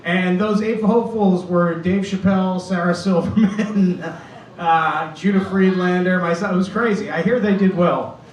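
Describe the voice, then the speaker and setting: A man's voice: high voice, unhurried. A man in his fifties from Boston doing a stand-up set on a club stage, rambling and self-deprecating. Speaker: stand-up comedian. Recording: roomy club, from far off.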